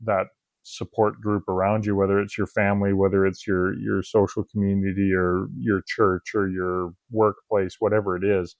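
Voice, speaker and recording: A man's voice: low-pitched, flat delivery, normal speed, dry recording. A man hosting a podcast, reflecting in a thoughtful, casual way, with some restarts. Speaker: podcast host. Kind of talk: casual interview chat.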